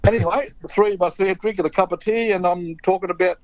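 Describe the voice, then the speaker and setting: A man's voice: sits high, quick pace, no echo, muffled recording. A middle-aged Australian man telling an anecdote as an interview guest, acting out the voices of the people in his story.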